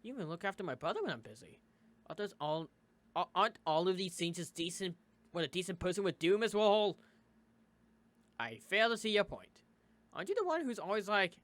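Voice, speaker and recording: A gaming YouTuber from the United States reading a visual novel aloud, switching character voices and breaking in with quick asides. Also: medium pitch, sing-song.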